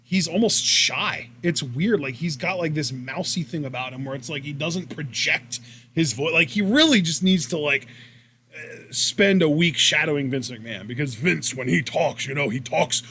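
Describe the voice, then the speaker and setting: A wrestling podcast co-host with a voice on the high side recounts matches in an animated, profane, meandering way. The commentary is casual, delivered at a moderate pace over slight background noise.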